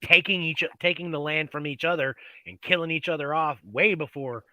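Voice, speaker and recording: A man's voice: a little high, moderate pace, sharp tone, dry recording, rough recording. A man in casual group chat, telling things in a rambling way with many fillers.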